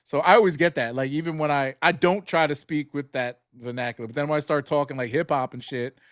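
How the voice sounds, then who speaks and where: A man's voice: on the high side, fairly even intonation, quick pace, fairly bright tone, dry recording, studio quality. A man with a New York accent chatting loosely on a podcast, cursing casually and trailing off mid-thought. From New York, Queens. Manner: loose, profane, laughs often, trails off. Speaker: podcast co-host. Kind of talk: casual chat.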